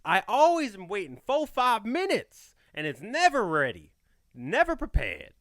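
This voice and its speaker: Young man, podcast host, casual joking chat, bright voice, lively swings in pitch, dry close sound. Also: normal speed, no room sound. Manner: animated, joking storyteller with slangy talk.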